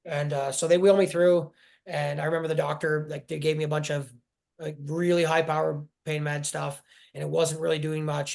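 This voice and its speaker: A man in his forties telling his personal story in an interview, halting and emotional, often restarting his sentences. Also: a little high, little pitch movement, creaky, darkish tone. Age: 40s. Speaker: guest.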